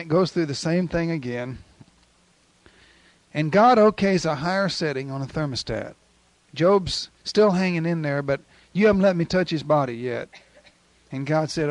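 Folksy male preacher telling a bible story, animated, dry close mic. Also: medium pitch, normal speed, no echo. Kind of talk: sermon.

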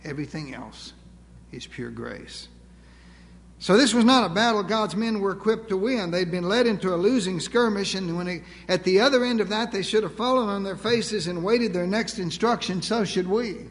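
A man's voice: high voice, moderate pace. An older man preaching a sermon to a church, folksy and humorous, drawing out words for emphasis. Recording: long reverb of a large hall.

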